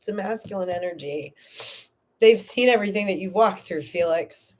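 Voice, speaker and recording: A woman's voice: mid-range voice, normal speed, darkish tone. A woman hosting a live tarot reading stream, speaking earnestly and spiritually to viewers by name, with fillers and restarts, sometimes getting emotional. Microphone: streaming to viewers live, no moderator.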